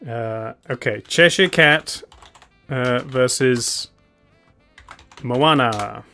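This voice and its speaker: A man's voice: medium pitch, drawn-out words, bright, forceful tone, soft background music. A man hosting a live stream in a casual, laid-back way. He chuckles often and hums idly between remarks. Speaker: streamer host.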